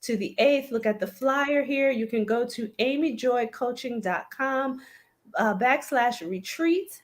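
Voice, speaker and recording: A woman's voice: on the high side, unhurried. A woman hosting a show over a video call, chatty and apologetic, laughing easily. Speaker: host. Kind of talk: casual video-call chat.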